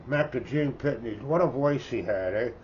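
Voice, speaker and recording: An older Canadian man in his seventies talks slowly and folksily, wandering off on asides and tacking "eh?" onto his remarks. His voice comes through dull and lo-fi, with a faint hiss underneath. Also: medium pitch, a little mellow. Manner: rambling, folksy, tags remarks with "eh?". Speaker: record collector. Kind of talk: casual show-and-tell chat. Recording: dull lo-fi sound with faint background noise.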